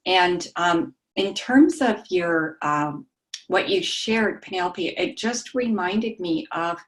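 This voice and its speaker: A woman sharing in a study group, soft-spoken and halting, with frequent pauses and ums. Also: on the low side, animated. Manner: describes herself as meek and mild.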